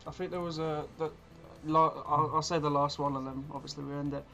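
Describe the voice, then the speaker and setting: Crude, laughing storyteller. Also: male voice, on the high side, fairly even intonation, brisk, gravelly, sharp tone, lo-fi sound, soft background music. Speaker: podcast co-host. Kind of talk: casual storytelling chat.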